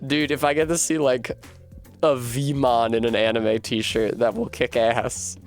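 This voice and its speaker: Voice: medium pitch, level tone, unhurried, soft background music. A streamer playing a story game, reading the dialogue aloud and cracking sarcastic, jokey asides.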